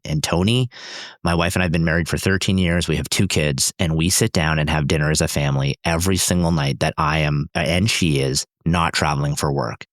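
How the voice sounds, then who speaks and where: A man's voice: a bass voice, moderate pace, a bit bright, dry recording, clean studio sound. A man, a company founder, telling personal stories in an interview in an intense, emphatic, driven way. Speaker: startup founder and CEO, podcast guest.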